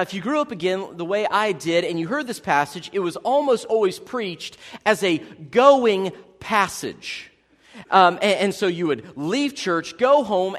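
Man preaching with a high voice in a reverberant hall. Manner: conversational, humorous preaching with asides to the congregation. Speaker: pastor. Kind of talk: sermon. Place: church sanctuary.

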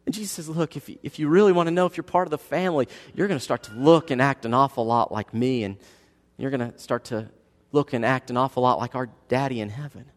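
A man's voice: medium pitch, fast talker. Man preaching in a reverberant church. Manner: dynamic preaching, swings from hushed to loud. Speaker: pastor. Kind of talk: sermon. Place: church sanctuary. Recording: long reverb of a church hall.

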